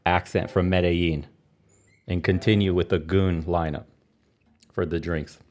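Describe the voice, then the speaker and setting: A man's voice: sits low, steady tone, a little slow, darkish tone. A man streaming live, casually giving short requests to an AI companion and laughing often. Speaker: livestreamer.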